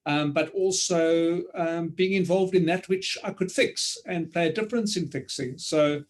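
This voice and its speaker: A South African man speaking reflectively over a video call, with many pauses and ums. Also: fairly high pitch. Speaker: author guest. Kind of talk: reflective conversation.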